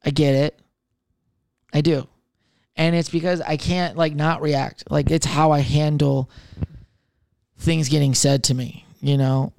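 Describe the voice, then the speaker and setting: A man's voice: on the high side, fairly even intonation, measured pace, vocal fry, pauses often, darkish tone, dry recording, clean studio sound. A young man in casual podcast chat, rambling with lots of fillers and swearing as he tells personal stories. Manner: rambling, profane, filler-heavy.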